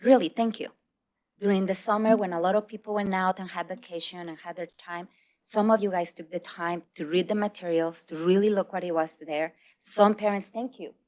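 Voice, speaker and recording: A woman's voice: fairly low pitch, steady tone, brisk, darkish tone. Middle-aged woman, non-native English speaker, public commenter; emphatic, earnest delivery. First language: not English. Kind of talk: public comment at a school board meeting. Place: meeting hall.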